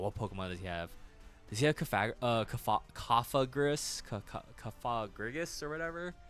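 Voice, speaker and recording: A man streaming games and chatting casually, rambling, laughing often and swearing freely. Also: medium pitch. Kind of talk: casual livestream chat.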